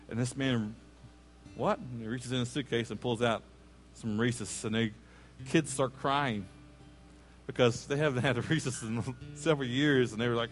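A man preaching a sermon, telling a story with lively acted-out quotes and asides to the congregation. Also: medium pitch, normal speed, faint music behind. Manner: animated storyteller, acts out quoted voices, jokes with congregation. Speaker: pastor. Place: church sanctuary.

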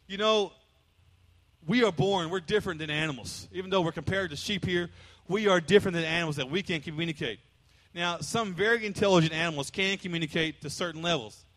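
High-voiced preacher with emphatic delivery. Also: male voice, fairly bright tone. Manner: preachy and emphatic, with call-and-response and playful imitations. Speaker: pastor. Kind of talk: sermon.

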